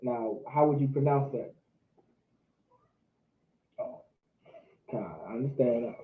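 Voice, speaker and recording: A man giving a casual language lesson, repeating words slowly and talking informally to his class. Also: medium pitch. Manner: drawn-out repetition of words, informal. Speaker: teacher. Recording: echoey, tinny phone-like audio.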